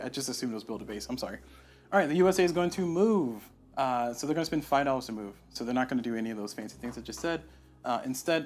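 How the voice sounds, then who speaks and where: A man talks through a solo board game on a lapel mic, thinking aloud and muttering asides to himself. His voice sits at an ordinary middle pitch. Faint music plays behind him. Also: a little mellow. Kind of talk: casual solo playthrough commentary. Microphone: lapel mic on shirt.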